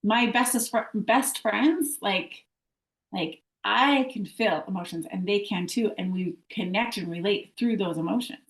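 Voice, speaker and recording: A woman's voice: mid-range voice, a little slow. A woman guest in casual chat, talking earnestly and persuasively with rhetorical questions. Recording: roomy echo.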